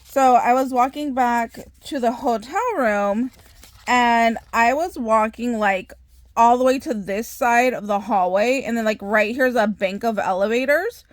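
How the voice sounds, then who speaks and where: Woman, casual storytelling vlog, higher voice, dry close sound, chatty and animated. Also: unhurried, no room sound. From Southern California. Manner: chatty, animated, laughs often, many filler words. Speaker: craft channel host.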